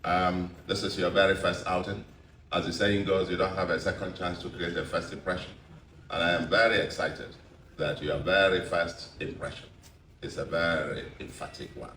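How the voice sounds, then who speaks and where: Speaking as a governor who has just won re-election, a Nigerian man with a very deep, bright and forceful voice keeps his pitch fairly flat while stacking repeated phrases in a measured, emphatic way. The mic sits at a distance in a roomy, echoey space, with soft noise behind him.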